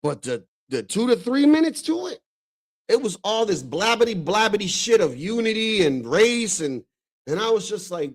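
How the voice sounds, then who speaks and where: A man from the Dominican Republic hosting a casual reaction stream, talking in a loose, profane, excitable way and laughing often. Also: sits high, normal speed. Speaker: streamer host reacting to clips.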